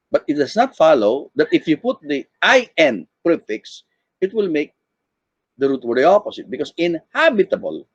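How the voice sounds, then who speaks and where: A man's voice: on the high side, husky, no echo. A man giving an online class lecture, acting out example sentences to show how intonation changes meaning. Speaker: teacher. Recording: dull, lo-fi dry recording.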